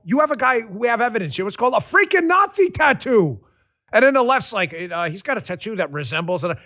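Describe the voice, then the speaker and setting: A man delivers heated political commentary. His voice sits high for a man and he yells often, swearing and mocking with open sarcasm. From Queens, New York. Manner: loud, passionate, profane, sarcastic. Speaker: political talk show host.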